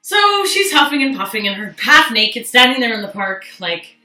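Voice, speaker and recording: A young Canadian woman hosts a live stream, candidly and profanely telling a personal story while chatting with viewers. Her voice is fairly high with big pitch swings, bright and forceful, at a normal speed. She sits far from the mic in an echoey room, with faint music behind her.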